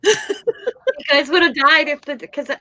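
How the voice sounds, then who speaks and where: An older woman hosting a casual chat, telling lively stories about her granddaughter. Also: high voice, slow, no echo, low-quality recording. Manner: animated storyteller, quotes her granddaughter. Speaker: host.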